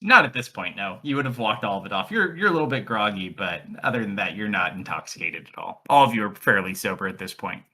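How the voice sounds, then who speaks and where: Lively, bright-voiced man running a game. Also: fairly low pitch. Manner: lively, joking, quick asides to players. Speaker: game master. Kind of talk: narrating a tabletop game.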